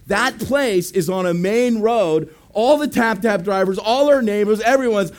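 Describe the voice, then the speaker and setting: A man's voice: high-pitched, normal speed, hardly any pauses. A man preaching as a pastor, telling a story animatedly, acting out voices, laughing and calling out "amen". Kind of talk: sermon storytelling.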